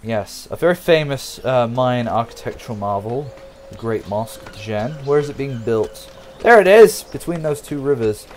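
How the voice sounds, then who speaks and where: A man's voice: mid-range voice, expressive, moderate pace, a little mellow, a little hiss or hum. A man giving casual, jokey gameplay commentary, rambling and talking straight to his viewers. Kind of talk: casual let's-play commentary.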